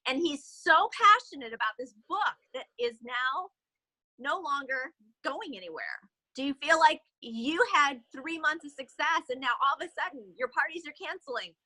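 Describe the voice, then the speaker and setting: A woman sales director telling a motivational story in an animated way, with fillers, on a video call. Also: sits high, moderate pace, no echo, poor audio.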